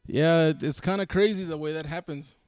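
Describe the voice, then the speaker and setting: A man's voice: fairly high pitch, a little fast, darkish tone, no room sound, studio quality. A man co-hosting a casual live-streamed podcast, joking with viewers and laughing often. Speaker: podcast co-host.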